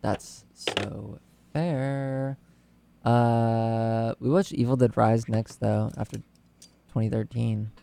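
A podcast co-host in casual, playful chat, agreeing readily and tossing in quick asides. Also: mid-range voice, steady tone, creaky, warm tone, no room sound.

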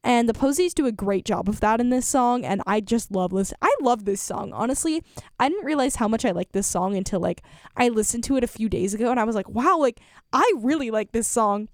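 A woman's voice: fairly high pitch, brisk, a little mellow, no room sound, clean studio sound. A young woman, a college radio DJ chatting casually on air, rambling with lots of fillers and self-corrections. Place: radio studio.

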